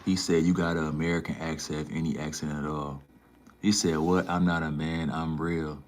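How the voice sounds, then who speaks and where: Deep-voiced laid-back man streaming. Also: normal speed, darkish tone. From Minnesota. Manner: laid-back slangy banter, says "man" and "bro" a lot. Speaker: livestreamer. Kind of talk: casual livestream chat reading viewer comments.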